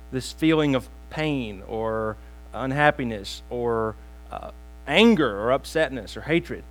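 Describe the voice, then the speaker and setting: A man preaching a sermon, telling a joke with slow pauses and plain asides to the congregation. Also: medium pitch, fairly bright tone, low-quality recording. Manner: storytelling with pauses, self-deprecating asides. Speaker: pastor.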